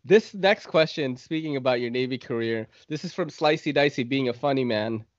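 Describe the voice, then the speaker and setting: A man's voice: mid-range voice, fairly quick, no echo, highs cut off. A man hosting a casual podcast interview, reading out listener questions and laughing often. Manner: enthusiastic, laughs a lot, reads listener questions. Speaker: podcast host.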